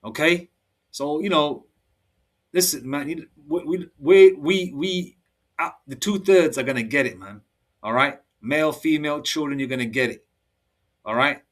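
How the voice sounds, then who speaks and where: A man, giving a heated sermon-style monologue. He talks forcefully, repeats himself and keeps checking in with "all right?". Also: a little high, a little slow. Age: 50s. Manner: forceful, repetitive, ends phrases with "all right?". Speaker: preacher. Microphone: laptop mic. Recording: distant laptop mic.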